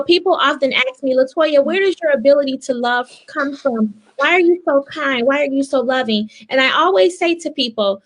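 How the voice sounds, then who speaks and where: A woman hosting a podcast interview who speaks in an earnest, reflective way. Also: sits high. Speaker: podcast host. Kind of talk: casual interview talk.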